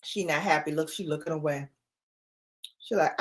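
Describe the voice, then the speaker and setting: A woman in her forties chatting casually with live viewers from home, playful and quick to laugh. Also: low voice, fairly bright tone. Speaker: livestream host.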